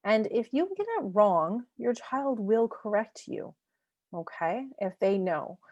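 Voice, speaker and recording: A woman's voice: mid-range voice, animated, takes it slowly, dry recording, highs cut off. Woman coaching parents, chatty and dry. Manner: warm conversational teaching, checks in with "right?"; laughs lightly between points. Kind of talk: recorded parenting lesson.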